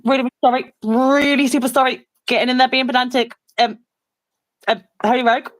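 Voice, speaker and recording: A woman's voice: high voice, steady tone, fairly quick, slight background noise, rough recording. An Englishwoman co-hosting a casual livestream chat, rambling, interrupting herself and apologizing as she goes. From England. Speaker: co-host.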